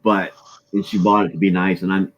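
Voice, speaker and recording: A man's voice: deep voice, little pitch movement, brisk. A man hosting a casual chat stream, laid-back and talking plainly. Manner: laid-back, brief replies. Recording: dull lo-fi online call audio.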